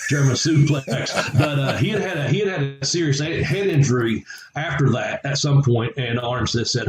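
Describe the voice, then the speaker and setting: A man's voice: medium pitch, normal speed. Rambling man in an echoey room. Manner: rambling, chuckling, acts out quoted voices. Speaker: podcast co-host, former wrestler. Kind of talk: casual storytelling chat.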